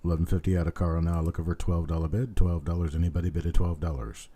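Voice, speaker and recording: A man hosting a live coin auction, hoarse from losing his voice, calling out bids in a steady chant with chatty asides. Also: low-pitched, fast talker.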